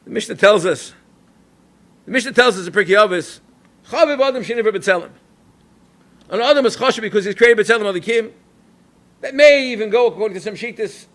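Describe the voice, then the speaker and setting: A man's voice: extremely high pitch, pushed and bright. A rabbi giving a Torah lecture, telling a personal story and mixing Yiddish and Hebrew phrases into his English, at times rising to emphatic calls.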